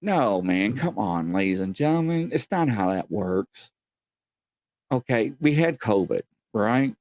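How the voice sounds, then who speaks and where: A man's voice: on the low side, big pitch swings, unhurried, a little mellow. A man hosting a paranormal talk show, telling stories in a folksy, meandering way and addressing his audience directly. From Kentucky. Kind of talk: casual rambling storytelling.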